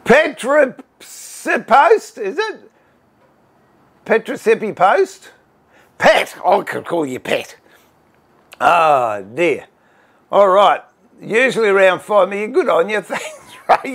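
A man's voice: high voice, creaky, a bit bright. A middle-aged Australian man hosting a woodworking livestream, chatting casually, greeting viewers by name and joking about himself.

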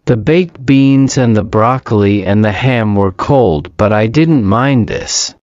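Very slow, measured male narrator. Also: lowish voice, darkish tone, no room sound, highs cut off. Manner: measured, plain first-person reading. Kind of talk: slow scripted audiobook narration for English learners.

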